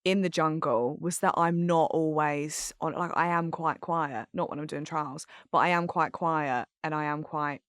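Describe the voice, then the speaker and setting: A woman talking as a podcast guest, candid and chatty, rambling with plenty of fillers. Her voice is smooth and clear, recorded dry and close in a studio. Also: deep voice, steady tone, moderate pace, few pauses, fairly bright tone, no room sound. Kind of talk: casual chat.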